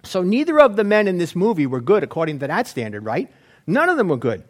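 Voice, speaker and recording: A man preaching in a loose, anecdotal way, full of fillers and side remarks. His voice sits high and moves a great deal. He teaches as if telling stories to friends. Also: huge pitch swings, fast. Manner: rambling, anecdotal, with frequent fillers. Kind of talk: informal Bible teaching.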